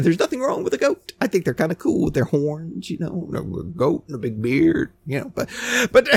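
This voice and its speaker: A man preaching a sermon in a scornful, animated way. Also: sits high, creaky, dry recording. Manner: animated, scornful preaching with mocking quoted voices.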